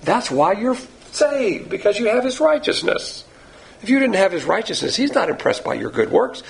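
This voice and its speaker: Male Bible teacher, blunt lecturing delivery, gravelly and animated, slightly high-pitched. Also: normal speed. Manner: blunt, lecturing, uses a board. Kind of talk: sermon-style Bible lesson.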